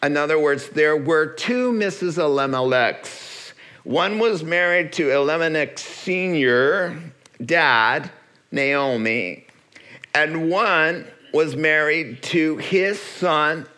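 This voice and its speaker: Slow-spoken male preacher telling a story. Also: on the high side. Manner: lively storytelling, acts out characters with asides and humor. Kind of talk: sermon.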